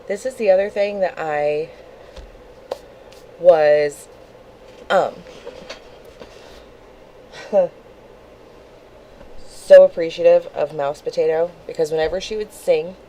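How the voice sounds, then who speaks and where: A woman reacting to a replayed stream with slow, wry, sarcastic asides. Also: fairly low pitch, fairly even intonation, mellow, a little hiss or hum, low-quality recording. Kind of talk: casual commentary.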